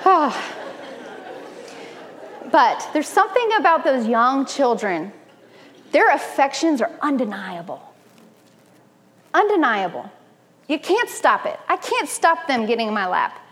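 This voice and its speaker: A woman in her thirties giving an animated, personal sermon-style talk at a church gathering, mixing scripture with stories from home. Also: high-pitched, a little slow, long pauses, some chatter behind. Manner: animated, personal and humorous preaching. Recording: long reverb in a hall.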